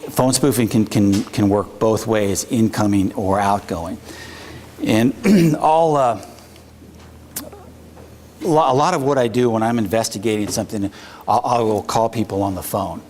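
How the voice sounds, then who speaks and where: A police investigator giving an informal, halting presentation, full of fillers and restarts. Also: male voice, lowish voice, darkish tone, slight background noise. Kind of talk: informal presentation at a public talk.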